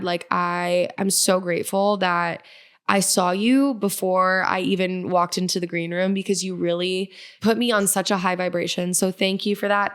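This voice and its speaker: A young woman in Nashville, an independent musician, hosts her solo podcast in a clear, resonant, medium-pitched voice. She talks casually and earnestly, gushing with upbeat encouragement for her listeners.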